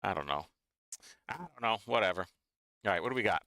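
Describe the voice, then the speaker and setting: A man's voice: fairly low pitch, expressive, a little fast, crowd noise, background noise. A man hosting a casual live watch-along stream, talking in a chatty, mocking, rambling way.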